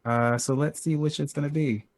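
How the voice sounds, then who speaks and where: A man's voice: on the high side, fairly even intonation, normal speed. A man playing in a tabletop game over a call, thinking aloud with many fillers. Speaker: player. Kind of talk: casual tabletop play.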